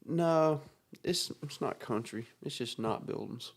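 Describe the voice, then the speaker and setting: A man's voice: mid-range voice, measured pace, vocal fry. A man, co-hosting a casual chat and making offhand jokes. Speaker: podcast co-host.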